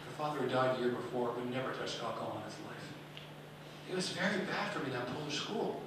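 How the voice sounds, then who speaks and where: A calm, firm schoolteacher, as a man voices her in a low, measured tone. The voice sounds far away, in a big echoing room with faint background noise. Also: close to an everyday voice. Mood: storytelling. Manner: measured, stern storytelling. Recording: echoey hall, speaker far from mic.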